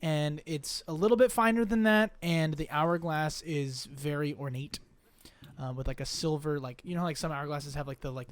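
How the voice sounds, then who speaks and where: A rambling game master, rather high voice. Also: male voice, normal speed, no room sound. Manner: rambling, full of fillers and laughs. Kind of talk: narrating a tabletop game.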